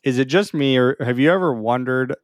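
A man's voice: medium pitch, a little fast, no room sound. A man co-hosting a podcast, chatting casually about movies, laughing often and leaning on "like". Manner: relaxed, laughs often, hedges with "like". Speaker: podcast co-host.

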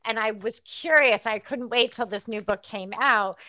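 A woman hosting an interview, asking enthusiastic, animated questions. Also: a little high, normal speed, no echo. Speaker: interview host. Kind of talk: interview conversation.

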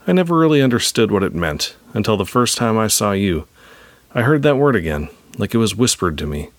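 A man reading the part of a wise, gentle older woman leader in a script read-aloud, softly and with measured pacing. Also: on the low side, big pitch swings, no echo. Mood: tender.

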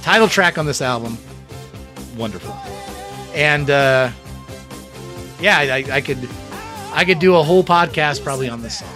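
A man's voice: on the high side, lively intonation, normal speed, pauses often. A man co-hosting a casual podcast chat about music, enthusiastic and rambling, with lots of fillers and restarts and some swearing. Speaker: podcast co-host.

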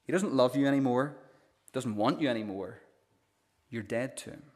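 A harsh, self-righteous older brother, a young man lecturing his sibling with cold scorn, as a preacher acts him out in a sermon. He speaks in an even, mid-pitched man's voice, low-key and contemptuous rather than loud. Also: normal speed, lightly acted. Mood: accusing.

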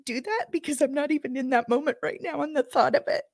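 A middle-aged woman co-hosting a podcast, her fairly high voice carrying a gravelly edge. She tells her story with emotion and animation, and the sound is dry and close. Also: fast talker, no echo. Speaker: podcast co-host. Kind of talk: casual chat.

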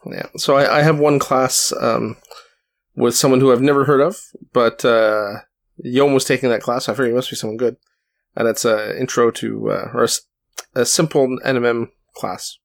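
A man with a gravelly, creaky voice talks in a loose, rambling way. He pokes fun at himself and often restarts his sentences. It sounds like a casual chat between friends. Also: mid-range voice, fairly even intonation, normal speed. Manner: rambling, self-deprecating, many restarts. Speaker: podcast co-host.

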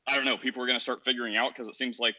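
A man's voice: mid-range voice, flat delivery, racing, lo-fi sound, a crowd in the background. A man hosting a casual call-in podcast, talking animatedly and acting out quoted voices. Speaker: podcast host.

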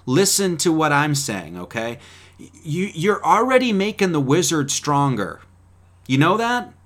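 A man preaching in a fiery, profane way, swinging between loud outbursts and quiet asides. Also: fairly high pitch, big pitch swings, a little slow. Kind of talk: profane sermon-style talk.

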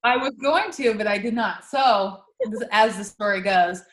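A woman's voice: mid-range voice, normal speed, fairly bright tone. A young adult woman co-hosting a podcast, telling a story in casual chat and laughing often. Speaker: podcast co-host. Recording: echoey room.

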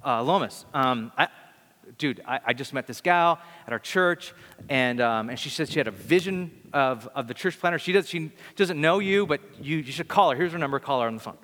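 A man with a slightly high, expressive voice preaches as a pastor, talking fairly quickly with a bright, forceful tone. He tells sermon stories casually and acts out the voices of the people he quotes. The recording is from a church hall with long hall reverb.

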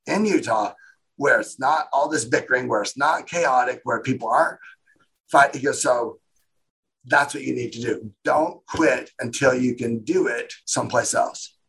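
A man, a guest in a casual interview, telling his story in a rambling, animated way and acting out what other people said. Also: medium pitch, normal speed, gravelly, slightly rough, poor audio. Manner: rambling, animated retelling with quoted voices.

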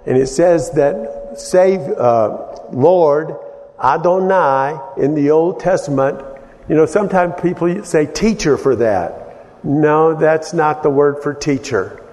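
Slow-talking preacher man, hall reverb. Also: a little high, darkish tone. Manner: halting, explanatory, many restarts and fillers. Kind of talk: sermon-style Bible teaching.

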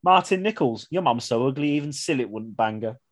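On a casual podcast, a man reads out what listeners have sent in, laughing often. His voice sits at medium pitch and moves a little fast, and there's a faint hiss or hum on the recording. His manner is lively.

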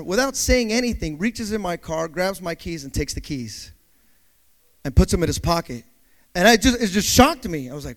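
A high-pitched man preaches a sermon built around a personal story. He addresses his congregation directly, delivering it dramatically and throwing in playful sound effects.

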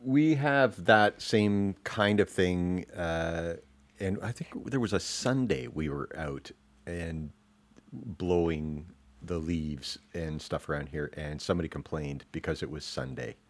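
Deep-voiced jokey male podcast co-host. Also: slow. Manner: laughs often, jokey. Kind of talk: casual chat.

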